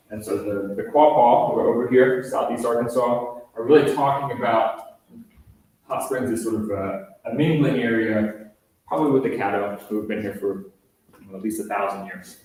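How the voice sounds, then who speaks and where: A man's voice: mid-range voice, normal speed, a little mellow. A man, a park ranger and historian, leading a guided talk in a loose, conversational way with many fillers. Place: indoor room with a group. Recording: very echoey room, voice from far off.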